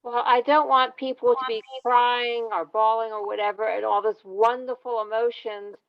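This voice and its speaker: A woman's voice: fairly high pitch, flat delivery, normal speed, highs cut off. A woman hosting an online event, giving upbeat closing thanks over a video call. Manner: upbeat, wrapping up. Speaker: event host. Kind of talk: closing remarks.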